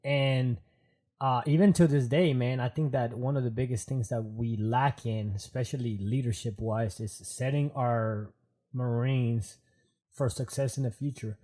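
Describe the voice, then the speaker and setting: A man's voice: medium pitch, fairly even intonation, a little slow, dark tone. A man who is a Marine, talking as a podcast guest in an earnest, reflective way, often adding "man" and "you know what I'm saying". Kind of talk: casual interview talk.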